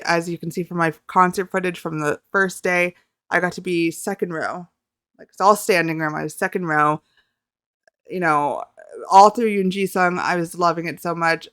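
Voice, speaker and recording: A young woman from Canada, telling a rambling, excitable story about meeting a group in a casual vlog, talking close to the mic. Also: lowish voice, clear, resonant tone, no room sound. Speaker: YouTuber.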